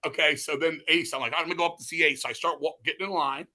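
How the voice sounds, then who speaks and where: Brash, profane, animated middle-aged man. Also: a little high, rapid-fire. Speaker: guest musician. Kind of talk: casual storytelling interview.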